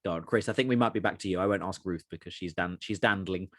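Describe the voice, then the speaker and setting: A man's voice: low-pitched, fast talker, a bit bright, dry recording, clean studio sound. A man leading a religious study session, explaining texts at length and putting questions to the group. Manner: explanatory, asks the group questions, many fillers. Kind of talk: teaching a group discussion.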